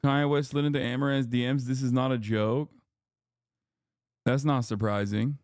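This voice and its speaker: A man's voice: mid-range voice, normal speed, dry recording, studio quality. A man hosting a livestream, chatting casually and ranting with a lot of profanity. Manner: profane, ranting, animated rambling. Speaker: streamer host.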